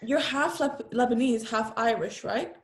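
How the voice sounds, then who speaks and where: A woman's voice: fairly high pitch, measured pace, echoey room. A woman with an English accent and a slight Canadian tinge, interviewing in a chatty, encouraging way. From England. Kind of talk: casual video-call interview.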